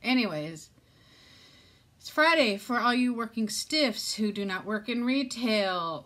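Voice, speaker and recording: This older woman from Southern California vlogs from home, rambling self-mockingly in a casual chat to a phone or camera. Her voice is on the high side, expressive and fairly bright, with a measured pace.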